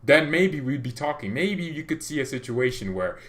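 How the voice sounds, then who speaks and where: A man hosting a football fan livestream, talking in a rambling, excitable way with lots of restarts. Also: mid-range voice, moderate pace. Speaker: fan channel host.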